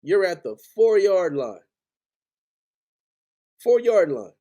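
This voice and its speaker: Speaking slowly in a high, mellow voice that swings widely in pitch, this man hosts a sports podcast and rages on a live stream. He's an angry, frustrated fan, firing off heated, foul-mouthed bursts that keep circling back to the same complaints.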